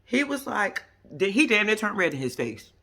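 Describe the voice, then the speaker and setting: A man recapping a TV show to his viewers in lively casual chat, acting out what people said and laughing often. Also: sits high, moderate pace, gravelly. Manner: animated storytelling, acts out quotes in exaggerated voices, laughs often; playful slang, addresses viewers as y'all and baby.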